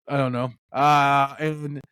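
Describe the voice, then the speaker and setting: A man's voice: medium pitch, little pitch movement, slow pace, fairly bright tone, smooth, no echo, studio quality. A man hosting a casual movie-review podcast, rambling and swearing as he retells scenes. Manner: rambling, swearing, acts out lines with laughs. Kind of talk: casual chat.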